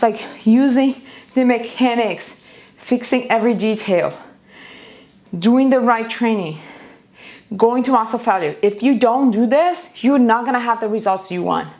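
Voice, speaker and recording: A woman fitness instructor leading a live home workout class, calling out exercises and cues energetically, sometimes out of breath. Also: on the high side. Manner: energetic coaching cues, counting down. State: out of breath at times. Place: home, near a busy street.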